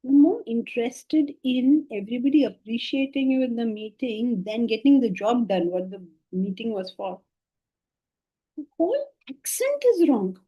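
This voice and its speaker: A middle-aged woman teaching a scripture class to listeners, questioning and emphatic, shifting between soft asides and lively stresses. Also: high-pitched, low-quality recording. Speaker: Vedanta teacher.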